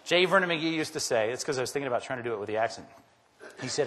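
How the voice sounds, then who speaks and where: Animated preacher in a reverberant hall. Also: male voice, very fast. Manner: animated, acts out quoted voices with big pitch jumps. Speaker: pastor. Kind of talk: sermon.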